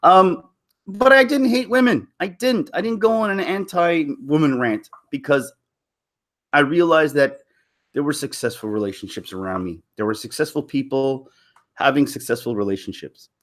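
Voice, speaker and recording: A man's voice: fairly high pitch, normal speed, fairly bright tone. A man on a live stream, telling a personal story to his viewers in a candid, rambling way with frequent restarts. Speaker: YouTube commentator.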